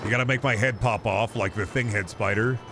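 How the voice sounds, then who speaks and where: A man's voice: on the low side, fairly even intonation, fairly quick, over music. Joking, cussing male game streamer. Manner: rambling, joking, swears freely. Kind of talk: casual gameplay commentary.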